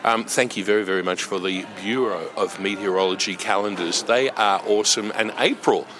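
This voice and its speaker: A man's voice: lowish voice, fairly quick, noisy background. An Australian man hosting a community radio show, chatty and enthusiastic, with lots of fillers.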